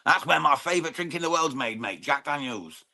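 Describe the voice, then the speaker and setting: A man's voice: fairly high pitch, animated, brisk, sharp tone. An English man hosting a live boxing watchalong, chatting casually with viewers, calling mate often, swearing freely and commenting on the fight. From England. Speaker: watchalong stream host.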